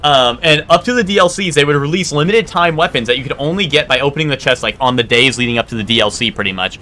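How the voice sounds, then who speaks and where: A man's voice: mid-range voice, fast talker, bright, forceful tone. A man streaming a game live, chatting casually with a rambling, swearing, laughing manner. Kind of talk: casual live gameplay commentary.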